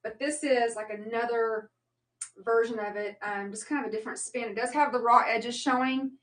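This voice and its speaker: A woman's voice: on the high side, fairly even intonation, moderate pace, a bit bright. A woman hosting a live shopping stream, talking casually in a rambling way with many fillers and self-corrections. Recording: roomy sound, mic at a distance.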